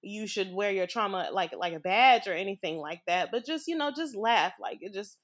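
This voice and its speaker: A woman's voice: mid-range voice, expressive, normal speed. A young woman from the US Midwest, a podcast guest, telling a personal story in a frank, informal way and laughing through hard memories.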